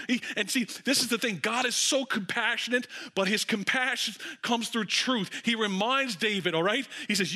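A man preaching from the pulpit, his voice set high and ringing bright. He tells the story with energy and breaks off for chatty asides to the congregation. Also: moderate pace, hardly any pauses. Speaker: pastor. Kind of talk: sermon. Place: church.

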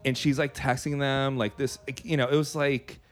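Dude cohosting a comedy podcast, crude jokes, goes on explaining stuff. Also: male voice, medium pitch, level tone, normal speed. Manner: crude, jokey, explains things at length. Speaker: co-host, comedian. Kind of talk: casual comedy podcast banter.

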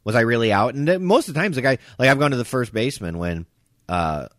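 A man co-hosting a casual podcast, telling an animated story and acting out both sides of an argument. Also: medium pitch, fast talker, no room sound, studio quality. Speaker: podcast co-host.

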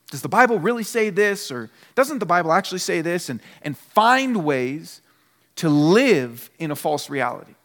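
A pastor delivering a sermon, his fairly high voice carrying through a church hall with a long, ringing reverb. He speaks earnestly and with emphasis, circling back to repeat key lines. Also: fairly bright tone. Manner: earnest, emphatic preaching with repetition.

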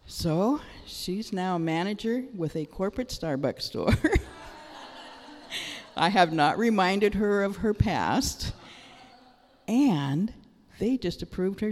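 A middle-aged woman gives an animated sermon testimony, telling her story with bursts of excited exclamation. Her voice rings out with a long reverb, like a large church hall. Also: mid-range voice, takes it slowly, pauses often. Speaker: church speaker.

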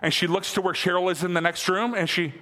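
A man in his thirties delivers a sermon with a bright, forceful voice pitched a little high. He talks conversationally, repeats phrases for emphasis and climbs to excited peaks. The sound carries a long reverb from a church hall. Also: fast talker. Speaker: pastor.

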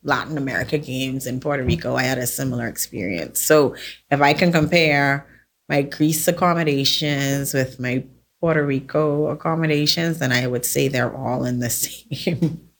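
Low-voiced woman, chatty. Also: normal speed. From The Bahamas. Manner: chatty storyteller, laughs often. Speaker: podcast guest, sports volunteer. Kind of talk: casual chat.

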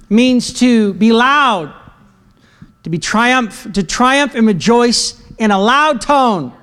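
A man preaching a sermon to a church congregation, energetic and joking, breaking into shouted praise. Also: very high voice. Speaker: pastor. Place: church sanctuary.

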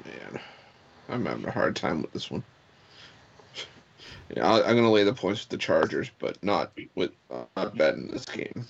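A man's voice: sits low, sing-song, normal speed, creaky, long pauses, dull audio, a little hiss or hum. A man hesitantly weighing a sports pick, unsure and torn. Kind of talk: casual betting picks chat.

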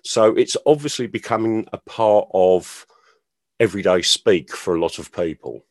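A man hosting a podcast, measured and wry, laughing easily. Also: lowish voice, no echo, studio quality. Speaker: podcast host. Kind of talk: casual podcast chat.

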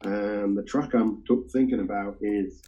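Man, very dark mellow tone, hesitant with ums, enthusiastic record chat, muffled lo-fi sound. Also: on the low side, steady tone, a little slow. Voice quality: hesitant, many ums and uhs. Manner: enthusiastic record collector talk. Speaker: co-host sharing record picks. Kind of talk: casual chat. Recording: dull lo-fi sound.

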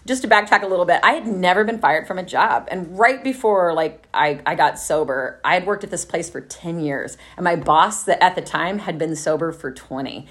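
A woman's voice: on the low side, lively intonation, normal speed, few pauses. A woman, telling a candid, profane story of her own recovery to a group. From Texas. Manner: candid, profane, laughing often, acting out the quoted voices. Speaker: speaker sharing a recovery story.

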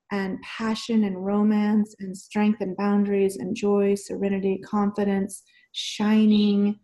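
A woman's voice: medium pitch, dark tone. A woman hosting a podcast in casual chat, enthusiastic and affirming, gushing over her guest. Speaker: podcast host.

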